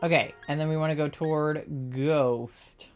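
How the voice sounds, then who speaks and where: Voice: medium pitch, fairly even intonation, unhurried, soft background music. A live streamer from the Southern United States with a mild Southern accent, chatting casually and swearing freely while gaming, throat sore. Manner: chatty, loose and swearing, often laughing.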